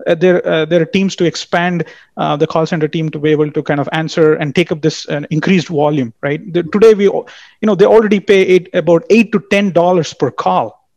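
A man's voice: fairly high pitch, steady tone, a little fast, creaky, a little mellow, no echo, highs cut off. A man talking as a startup executive in a casual business conversation, full of fillers and tag questions. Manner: filler-heavy, tags statements with "right?".

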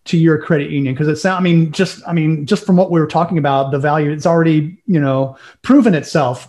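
Man, interviewer, enthusiastic, rambling questions, slightly high voice. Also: quick pace, darkish tone.

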